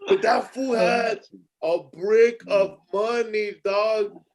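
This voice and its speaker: A man's voice: high-pitched, steady tone, takes it slowly, a little mellow, rough recording. A man hosting a podcast, telling stories in casual street slang, swearing and acting out angry quotes. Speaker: podcast host. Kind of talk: casual storytelling chat.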